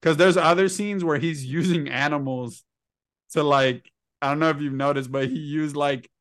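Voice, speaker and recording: A man in casual podcast chat with a smooth, resonant voice. He is relaxed and laughs easily while he retells conversations. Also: on the high side, moderate pace. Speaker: podcast co-host.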